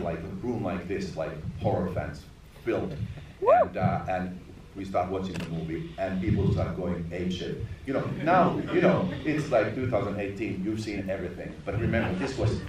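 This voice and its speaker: A middle-aged man from Finland, a film director telling stories at a screening Q&A, animated and laughing often. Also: low voice. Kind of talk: live anecdote on stage. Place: large echoey cinema hall. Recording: distant, echoey theater recording with noise.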